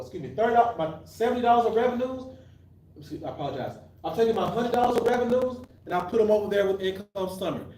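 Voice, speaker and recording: A man's voice: sits high, darkish tone. A man teaching an accounting class live, asking the class questions and then answering them himself, often restarting his sentences. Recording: echoey room, mic at a distance.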